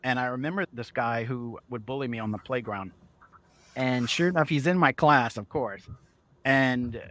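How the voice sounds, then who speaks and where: A man, a guest author, telling childhood stories in a lively conversational way and acting out the voices he quotes. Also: mid-range voice, moderate pace. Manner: animated, acts out quoted voices, laughs often. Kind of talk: conversational storytelling.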